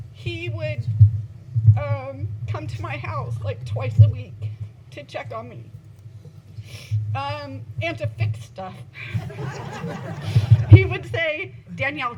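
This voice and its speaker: Woman speaking slowly and haltingly at a memorial, with many ums. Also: sits high. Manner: halting, many ums, laughing between stories. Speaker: eulogy speaker. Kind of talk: informal eulogy. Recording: dull lo-fi sound with loud background noise.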